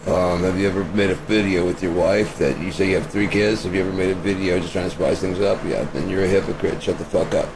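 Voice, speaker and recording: A man's voice: sits low, quick pace, few pauses. A man vlogging an off-the-cuff opinion rant, blunt and profane, firing off rhetorical questions. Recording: steady vehicle road noise behind voice.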